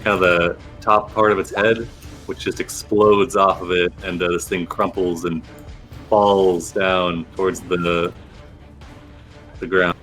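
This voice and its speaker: A man narrating as game master of a tabletop role-playing game, in a relaxed, chatty way. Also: low voice, slow pace, faint music behind.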